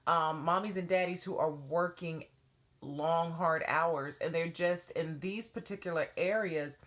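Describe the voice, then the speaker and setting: A woman in her thirties speaks to camera with a somewhat low voice. She tells a personal story about teaching dance in a lively, animated way, slipping into other people's voices as she goes. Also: unhurried. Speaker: former children's dance teacher.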